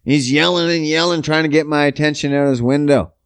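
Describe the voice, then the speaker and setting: A man's voice: fairly high pitch, steady tone, brisk, clear, resonant tone, dry recording. A man, hosting a podcast and telling a crude, self-mocking comic story. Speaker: podcast host.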